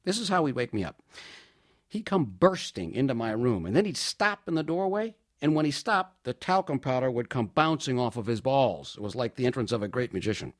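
A man with a slightly husky voice performs a comic monologue about his childhood. His delivery is wry and mock-grand, and his pitch leaps up and down. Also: expressive, brisk.

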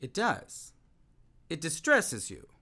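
A man plays a restless, voluble man-about-town in a stage play. His voice sits a little high, and he talks in a bright, ringing tone. He trips over his own words as his lines swoop up and down. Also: slow pace, husky, full character voice. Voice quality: voluble and excitable, with frequent restarts. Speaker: actor in a play. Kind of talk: theatrical stage-play acting.

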